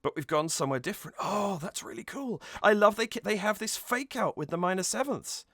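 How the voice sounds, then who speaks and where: In an enthusiastic musical analysis, a man reacting to a cover song on YouTube gushes over it and hums or sings fragments to illustrate. He has a high, expressive, slightly bright voice and speaks briskly, recorded in a studio with no echo.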